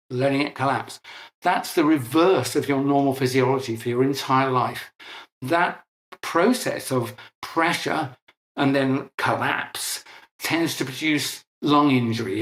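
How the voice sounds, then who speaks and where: A man's voice: medium pitch, fairly bright tone, reverberant. A middle-aged man, an interview guest, explaining at length in a conversational, emphatic way and correcting himself as he goes.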